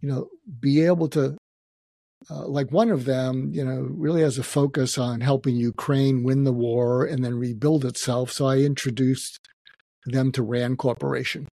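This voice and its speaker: An older man talks in a halting, reflective way, often restarting his sentences. His voice is husky and sits in a mellow, low register. The recording is dry and close. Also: fairly even intonation, no room sound. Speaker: guest psychiatrist. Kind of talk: emotional personal interview talk.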